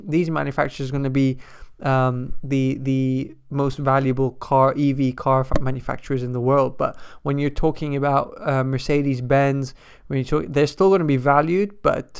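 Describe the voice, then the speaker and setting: A man's voice: mid-range voice, creaky, clean tone. A man hosting a casual live stock market stream, talking loosely and rambling, restarting his phrases as he answers viewers' chat messages. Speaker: stock market livestream host.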